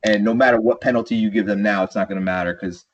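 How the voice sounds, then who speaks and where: A man with a low, husky voice chats casually about baseball on a podcast and slides into animated rants. The recording sounds dull and lo-fi. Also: quick pace. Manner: animated, ranting, says "dude" and "bro". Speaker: podcast co-host. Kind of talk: casual sports chat.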